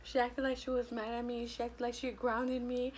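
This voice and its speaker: A woman's voice: a little high, completely flat delivery, normal speed, slight background noise. A young woman telling a blunt, profane storytime about school fights in a casual vlog. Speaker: vlogger.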